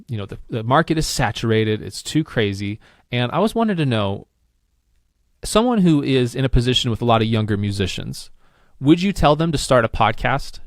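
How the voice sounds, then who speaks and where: A man's voice: medium pitch, no room sound, clean studio sound. A man hosting a podcast interview, reflective, asking long, thought-out questions and agreeing with his guest. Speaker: podcast host. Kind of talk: casual interview conversation.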